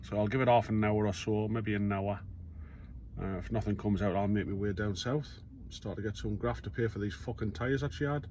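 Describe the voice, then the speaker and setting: A man's voice: fairly low pitch, steady tone, a little fast, a little mellow, a little hiss or hum. A middle-aged man, a self-employed courier talking casually in a rambling vlog monologue, blunt and swearing freely.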